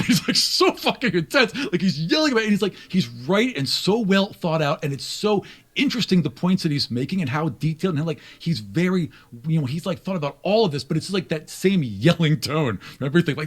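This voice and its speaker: A man co-hosting a casual live-streamed chat, animated and quick to laugh. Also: a little high, breathy edge. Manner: animated, laughs often, does silly voices. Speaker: podcast co-host.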